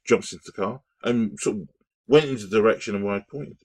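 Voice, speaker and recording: A man telling a story in a casual, rambling monologue, animated and full of restarts. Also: on the low side, fairly quick, no room sound.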